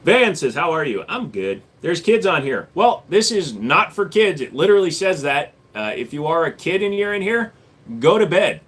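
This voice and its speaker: A man's voice: fairly high pitch, sing-song, normal speed, a bit bright, breathy edge. A man in his forties, born in Korea, hosting a casual live stream and answering chat questions in a blunt, sarcastic way. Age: 40s. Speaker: livestream host.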